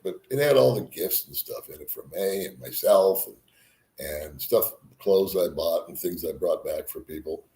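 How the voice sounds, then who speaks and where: A man's voice: sits low, darkish tone, reverberant. An older man vlogging, telling a rambling travel story, swearing freely and chuckling at himself. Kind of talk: casual storytelling.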